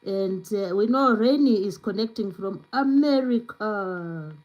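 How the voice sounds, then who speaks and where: A woman hosts a casual live stream, chatting freely, dropping many "you know"s, and answering viewer comments as they come in. Her medium-pitched voice is unhurried and a little mellow, and the sound is lo-fi.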